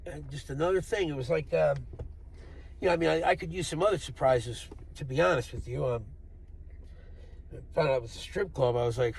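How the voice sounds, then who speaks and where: A man's voice: a little high, a little fast, gravelly, pauses often, a little mellow, slightly rough. A man telling a rambling, profane, wry story in a casual monologue, recorded in a vehicle. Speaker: vlogger.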